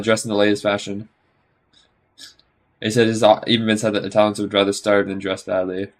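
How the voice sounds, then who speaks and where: A man live streaming his study session, thinking aloud in a rambling way, correcting himself and slowly sounding out phrases. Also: on the low side, fairly even intonation, fairly bright tone.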